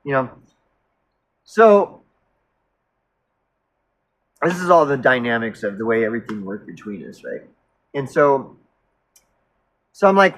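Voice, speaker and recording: A man's voice: medium pitch, sing-song, a little slow, long pauses, a bit bright, low-quality recording. A man telling a personal story in a casual monologue, rambling and self-interrupting, blunt and outspoken. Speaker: storyteller recounting a past relationship.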